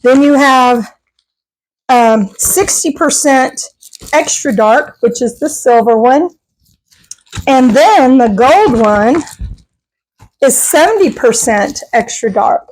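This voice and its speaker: Chatty woman, higher voice. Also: animated, slow, long pauses, darkish tone, poor audio. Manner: chatty, rambling, laughs often. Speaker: vlogger. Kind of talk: casual chat to camera. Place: at home. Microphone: clip-on microphone.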